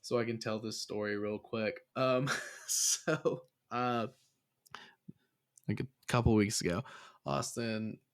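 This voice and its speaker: A man in casual podcast chat, telling a rambling story. He swears freely and gets animated, sometimes laughing as he talks. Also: lowish voice, slow pace, long pauses, clear, resonant tone. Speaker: podcast host.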